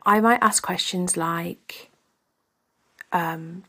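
A woman's voice: medium pitch, unhurried, vocal fry. A woman hosting a self-help podcast, a mother speaking candidly and thinking aloud in a reflective monologue. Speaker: podcast host; mother of three.

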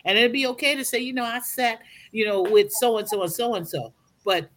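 A woman's voice: on the high side, normal speed, a little hiss or hum. A middle-aged woman with a Southern American accent, speaking as a podcast guest in a casual, motivational, preacherly way. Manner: expressive, acts out quoted speech, preacherly.

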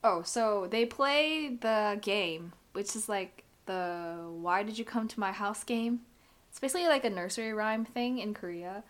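Casual woman co-host, mid pitch, rambling and giggly. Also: unhurried. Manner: chatty, lots of "like", laughs often. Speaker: podcast co-host recapping a drama. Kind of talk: casual chat.

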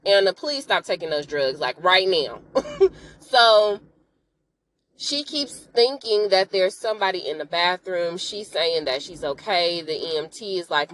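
A woman hosting a podcast, retelling a TV episode in a chatty, animated way full of slang and asides. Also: lowish voice, a little slow, slight background noise. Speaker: podcast host. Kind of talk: casual episode recap.

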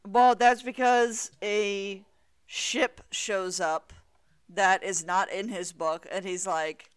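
A podcast co-host in casual talk about comics, speaking deliberately with hedging fillers and quick laughs. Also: mid-range voice, steady tone, clean tone, dry recording.

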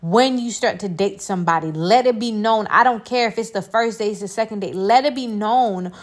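A woman's voice: mid-range voice, normal speed. Young woman, podcast host, emphatic preaching, repeats herself. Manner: prays softly and quietly. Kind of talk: faith podcast, preaching and prayer. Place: alone indoors.

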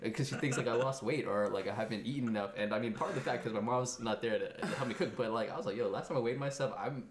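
A man co-hosting a casual podcast, telling an animated story and acting out the quotes in it. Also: lowish voice, rapid-fire, hardly any pauses, over a noisy crowd. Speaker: podcast co-host. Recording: echoey room, faint noise.

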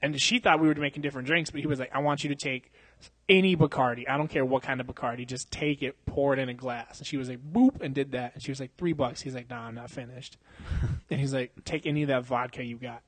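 A man's voice: medium pitch, fairly even intonation, fast talker, a bit bright, no room sound. A young man telling a long bar story on a podcast, swearing a lot and laughing as he acts out what people said. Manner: laughs often, profane, slangy, acts out quotes. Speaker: podcast host. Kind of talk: casual storytelling. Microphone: handheld mic.

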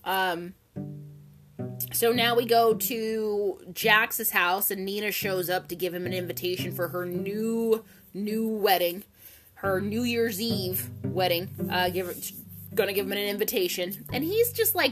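A woman's voice: mid-range voice, a little slow. A woman giving a casual, opinionated recap of an episode, chatting along and acting out the quotes as she goes. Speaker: soap opera recapper. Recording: music playing underneath.

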